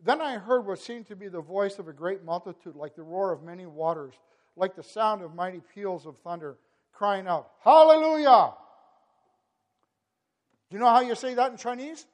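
High-voiced man preaching in a reverberant hall. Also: brisk. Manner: impassioned, builds to emphatic peaks with frequent word repeats. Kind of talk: sermon.

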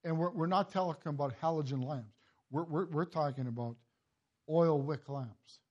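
An older man giving a sermon in a halting, repeating way, chuckling at his own family stories. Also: fairly high pitch, a little mellow, muffled recording. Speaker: preacher.

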